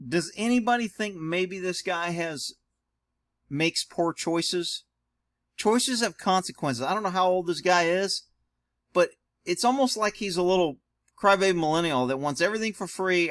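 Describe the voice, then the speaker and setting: A man's voice: sits high, normal speed, a bit bright, no room sound. A man giving opinionated, sarcastic commentary on a video clip. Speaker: commentator host.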